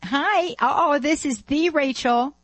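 A woman's voice: high voice, slow pace, fairly bright tone, no echo. A woman hosting a call-in radio show, praying aloud in an earnest way and repeating her invocations. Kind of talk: spoken prayer and call-in radio talk.

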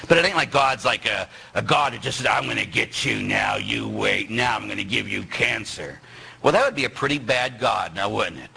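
A middle-aged male priest giving a lively sermon, teasing and quizzing his congregation. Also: medium pitch, breathy edge, rough recording. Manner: animated, teasing, asks the audience questions.

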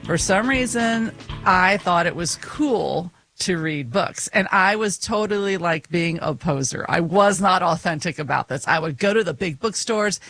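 A woman's voice: lowish voice, lively intonation, measured pace, a bit bright, faint music behind. Chatty, laughing woman co-host. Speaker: podcast co-host. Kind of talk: casual chat.

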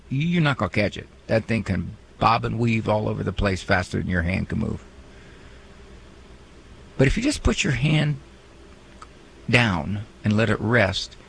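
A man hosting a radio talk show, speaking in a lively, folksy way with joking asides. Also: fairly low pitch, creaky, slight background noise, low-quality recording. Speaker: radio host and psychologist.

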